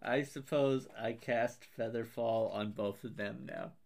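A man's voice: mid-range voice, unhurried, vocal fry, a little mellow. A man playing a tabletop game, joking and laughing with his friends. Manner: playful, laughing. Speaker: player.

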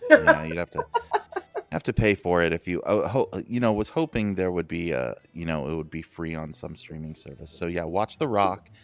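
A man hosting a podcast in relaxed, rambling casual chat with many fillers. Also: sits low, moderate pace, dry recording. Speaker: podcast host.

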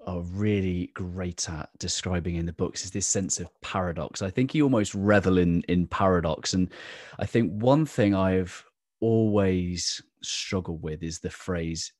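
A man hosting an interview, earnest and encouraging, asking questions and offering soft affirmations. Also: sits low, measured pace, dry recording, clean studio sound. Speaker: podcast host.

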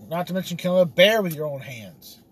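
A man's voice: high voice, lively intonation, brisk, background noise. A man talking in a casual, rambling vlog monologue, swearing freely and laughing at himself. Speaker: vlogger.

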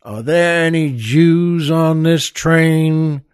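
A man voicing a tough, two-gun Texan gunslinger in a told joke, speaking slowly and demandingly. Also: high voice, sing-song, a little mellow, no room sound, studio quality. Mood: gruff.

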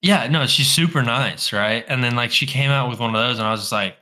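A man's voice: medium pitch, a little fast, sharp tone. A young man co-hosting a casual podcast, joking around and swearing freely. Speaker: podcast co-host. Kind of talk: casual chat.

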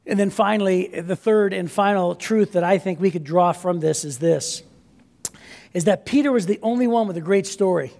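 A man preaching a sermon as a pastor, energetic and conversational, often checking in with "right?". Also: high voice, normal speed, gravelly. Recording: echoey hall reverb.

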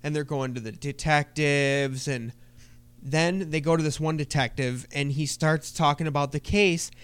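On a casual podcast, a male co-host tells stories as an animated storyteller who swears constantly. His voice is a little high, his pace moderate, and his delivery smooth.

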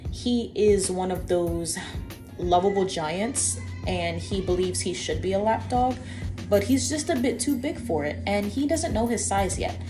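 A young woman co-hosting a podcast, telling a personal story in a lively, chatty way and talking straight to her listeners. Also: medium pitch, a little slow, over music. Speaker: podcast co-host. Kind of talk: casual storytelling.

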